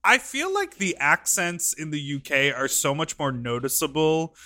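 A man's voice: on the high side, very animated, normal speed, pushed and bright. A man co-hosting a podcast, upbeat and gushing, laughing often. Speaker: podcast co-host. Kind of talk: casual chat.

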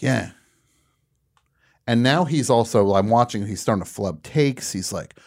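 A man hosting a radio show, telling a comic story in a casual, animated way and laughing at his own punchlines. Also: lowish voice.

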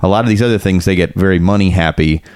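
A man's voice: low-pitched, fast, darkish tone, clean tone, no echo, clean studio sound. A man co-hosting a podcast, joking and chatting casually with hesitant restarts. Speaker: podcast co-host. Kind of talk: casual chat.

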